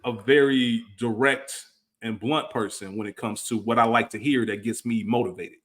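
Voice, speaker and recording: A man's voice: mid-range voice, fairly even intonation, a bit bright. A man co-hosting a podcast in casual chat, emphatic, often acting out what people said to him. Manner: fast, emphatic, acts out quoted people. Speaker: podcast co-host.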